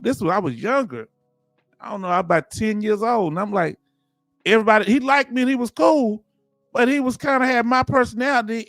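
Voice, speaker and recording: A man with a Southern US accent hosting a casual livestream, talking in an animated, preachy way and firing off rhetorical questions to his viewers. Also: sits high, no room sound. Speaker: livestream host.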